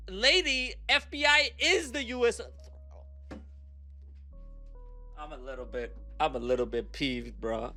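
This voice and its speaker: A man's voice: sits high, sharp tone. A young man reacting to a video, ranting incredulously, swearing and repeating himself. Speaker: reaction streamer. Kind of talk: profane ranting reaction commentary.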